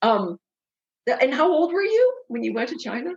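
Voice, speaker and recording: A woman's voice: sits high, big pitch swings, normal speed, a little mellow, dull audio, slight background noise. A woman hosting a casual podcast interview, trading stories and laughing often as she rambles. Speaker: podcast host. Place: home, remote interview.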